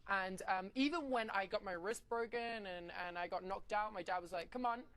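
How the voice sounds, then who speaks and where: A young woman in her twenties with an English accent, a wrestler telling lively stories in a casual interview and acting out what people said. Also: medium pitch, moderate pace. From England. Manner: chatty, animated, acts out quotes with laughs. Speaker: wrestler, guest.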